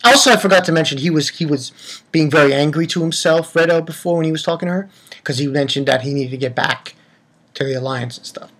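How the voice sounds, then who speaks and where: A man's voice: a little high, fast talker, fairly bright tone. A young man giving a rambling, profane, casual recap of an anime episode, full of restarts. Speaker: anime reviewer.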